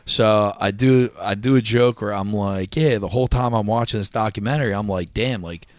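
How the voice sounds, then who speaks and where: Low-voiced man with a Delco accent. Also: moderate pace, no echo. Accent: Delaware County, Pennsylvania. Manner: rambling, profane storytelling with acted-out quotes. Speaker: podcast co-host, stand-up comedian. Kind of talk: casual podcast chat.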